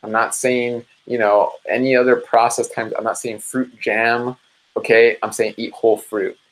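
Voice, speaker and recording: A young man speaking as a dietitian on a live stream, his voice sitting at an ordinary middle pitch. He talks in an excited, chatty way and keeps turning to the audience with "guys" and "okay?". Now and then he jumps into playful quoted asides. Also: moderate pace, rough recording. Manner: energetic, chatty, addresses viewers as "guys"; mimics listeners in animated quoted asides. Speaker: dietitian hosting a live support session. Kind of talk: casual live-stream advice talk.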